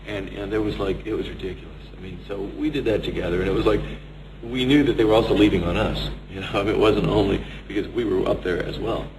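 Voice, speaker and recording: Deep fast-talking man, wry. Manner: wry, rambling recollection. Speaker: band member. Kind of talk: casual chat. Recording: noisy reverberant recording.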